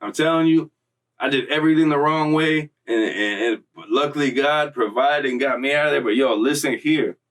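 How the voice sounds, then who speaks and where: A man's voice: medium pitch, normal speed, far from the mic. Slangy man telling prison stories. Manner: slangy, profane, animated. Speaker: vlog host. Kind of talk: casual storytelling.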